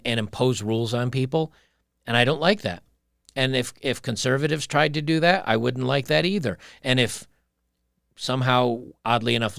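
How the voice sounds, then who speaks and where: Male streamer, gravelly voice, opinionated rants between clips, dry close sound. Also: mid-range voice, a bit bright, no room sound. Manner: opinionated, ranting, reads chat aloud. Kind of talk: casual livestream commentary.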